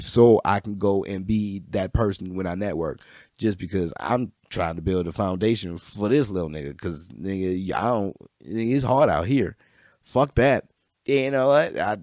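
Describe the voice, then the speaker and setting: Young male podcast host, solo rant, lowish voice, profane and rambling, dry close sound. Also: no echo. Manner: profane, rambling, animated outbursts. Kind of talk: casual solo monologue. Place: room by a bookshelf.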